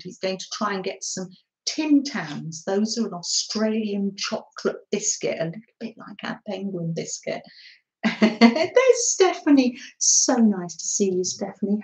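Hosting a craft livestream, a woman from England casually works through live comments, greets viewers by name, and giggles often, her mid-range voice a little mellow. The recording has an echoey room quality.

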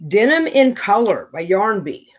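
A man's voice: high-pitched, sing-song, measured pace. A man chatting casually as he opens fan mail on his knitting vlog, gushing and thinking aloud. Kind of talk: casual unboxing chat.

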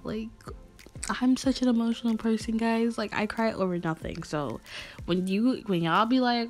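A woman's voice: fairly high pitch, normal speed. A young woman vlogger chatting casually and gushing as she reads fan messages aloud. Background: faint music.

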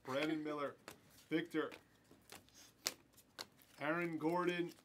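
A man's voice: a little high, steady tone, slow. A man hosting a live card break, rattling off player names and chatting with viewers as he opens packs. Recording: noisy room with crinkling packs.

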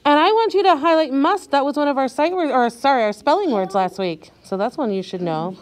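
A woman teacher guides young children through a reading lesson, her voice high-pitched and animated. She talks slowly and clearly, patiently drawing out every word.

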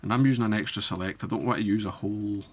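A man demonstrating fly tying step by step, talking in a relaxed way as he works with his hands. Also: lowish voice, racing, breathy edge. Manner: relaxed, thinking aloud while working with hands. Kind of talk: step-by-step tutorial narration.

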